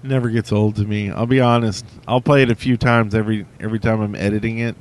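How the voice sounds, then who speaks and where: A man's voice: on the low side, little pitch movement, fast. Casual swearing podcast host man. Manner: loose, swearing, joking.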